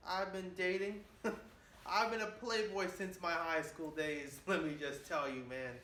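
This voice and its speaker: A vlogger in his twenties rambles boastfully through a casual monologue, often saying "man." His high-pitched voice is sharp and steady, and he takes his time. The room sounds echoey, with a faint hiss.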